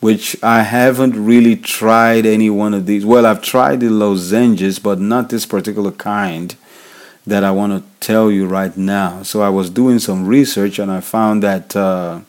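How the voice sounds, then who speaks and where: With a low, mellow voice, this Nigerian man, a worship leader who hosts a podcast, gives casual instruction. His talk is repetitive, full of fillers, and circles back to restate key points.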